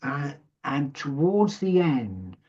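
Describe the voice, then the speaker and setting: A man's voice: a little high, sing-song, takes it slowly, darkish tone, husky. A middle-aged man, a former radio DJ, telling rambling, sweary anecdotes in a casual interview. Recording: muffled lo-fi sound.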